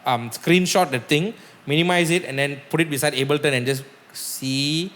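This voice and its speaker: A man, a guest musician, tells stories on a casual podcast in an animated way, swearing and using a lot of "like". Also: on the high side, normal speed, in a large hall.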